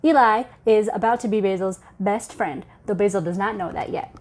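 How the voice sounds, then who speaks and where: A woman's voice: mid-range voice, moderate pace. A woman who markets a webcomic, reading and retelling a comic chapter aloud in a chatty, playful way. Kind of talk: casual comic-book read-aloud.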